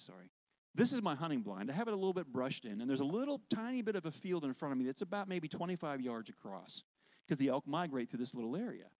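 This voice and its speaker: A worship leader preaching with lively, conversational storytelling. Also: male voice, mid-range voice. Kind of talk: sermon storytelling.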